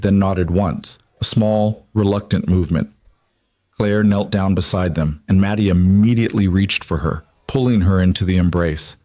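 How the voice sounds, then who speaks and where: A man giving scripted narration of a story in an even, measured way. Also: low voice, dry recording, studio quality.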